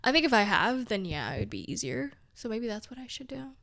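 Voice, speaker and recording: A woman's voice: fairly high pitch, sing-song, brisk, vocal fry, a bit bright, dry recording, studio quality. A young woman vlogging in a candid, rambling chat, full of fillers and wry self-mocking asides. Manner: rambling and candid, heavy use of "like", trailing off. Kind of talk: casual confessional vlog chat.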